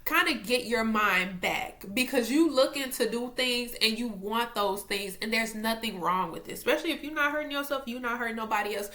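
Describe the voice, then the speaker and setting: A young woman, talking to camera at home about faith in a chatty, animated way. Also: fairly high pitch, brisk, hardly any pauses. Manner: animated, excitable, chatty, talks straight to viewers. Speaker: faith vlogger. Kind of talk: casual faith talk to camera.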